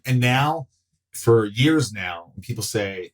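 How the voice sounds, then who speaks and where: Middle-aged man telling lively stories. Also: lowish voice, normal speed, poor audio. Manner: animated, acts out quotes in voices, swears freely. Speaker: podcast guest, actor. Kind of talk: casual conversation, storytelling.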